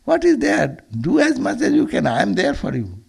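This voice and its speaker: An elderly holy mother, fretful and loving, as a male preacher puts her on. The voice is lifted well above his own, high and gently pleading, with a rough gravelly grain underneath. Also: wildly swooping pitch, moderate pace, heavily acted. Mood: reassuring.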